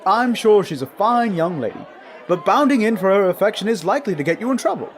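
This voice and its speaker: A man's voice: high voice, lively intonation, fairly quick, some chatter behind. A man playing a proper, patient hero. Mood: chiding. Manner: patient, chiding. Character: polite, proper hero, middle-aged man.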